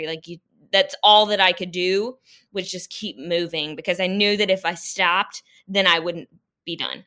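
A woman guest runner telling her story in a casual, animated and emotional way, speaking over a video call. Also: mid-range voice, moderate pace.

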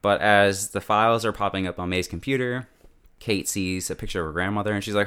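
A man casually recapping and reviewing a TV episode, jumping into quick acted-out character voices with laughs. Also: on the low side, smooth. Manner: animated, acts out characters in quick bursts. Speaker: podcast host recapping a TV episode.

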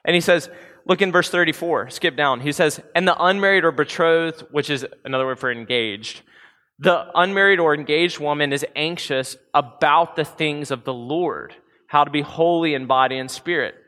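A young man delivers a sermon in an easygoing, conversational manner, dropping in fillers and everyday slang. His voice is fairly high for a man and bright, with a forceful edge. The sound carries the long reverb of a large hall. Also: normal speed. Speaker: preacher.

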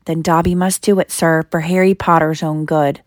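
A woman's voice: low-pitched, little pitch movement, normal speed, no room sound, clean studio sound, natural voice. A woman voicing an anxious, servile male house-elf who speaks of himself in the third person, reading a storybook aloud. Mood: pleading.

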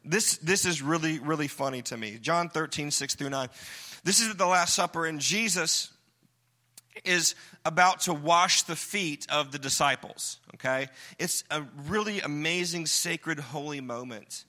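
A man preaching a sermon to a congregation, animated and joking as he acts out quoted lines. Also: fairly high pitch, unhurried. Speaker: pastor.

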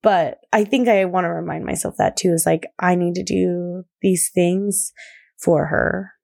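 A young woman hosting a podcast, chatting casually about her days as a mother, rambling with many fillers and soft laughs. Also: fairly low pitch, fairly even intonation, a little slow, vocal fry. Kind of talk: casual personal talk.

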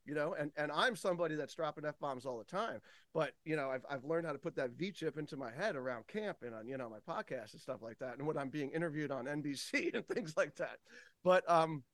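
Animated, dry-sounding man in his fifties. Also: on the high side, a little fast, dry recording. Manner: animated storyteller, swears freely, acts out quotes. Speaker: guest, day camp owner and podcast host. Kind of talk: casual podcast conversation.

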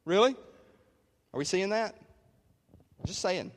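Emphatic preacher in a reverberant church. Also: male voice, high voice, expressive, slow pace. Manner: emphatic, rhetorical questions. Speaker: pastor. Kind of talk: conversational sermon. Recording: long hall reverb.

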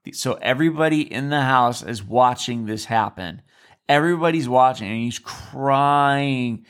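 Here a man with a medium-pitched, fairly bright voice is a podcast guest recalling his time as a former resident. His casual storytelling is earnest but repetitive, and he keeps restarting sentences.

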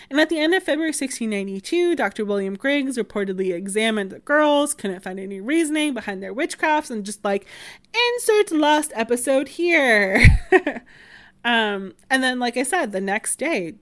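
A woman around thirty hosting a history podcast, explaining in a casual, chatty way full of "like" and "um", with wry asides. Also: fairly high pitch. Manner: chatty, many fillers like "like" and "um".

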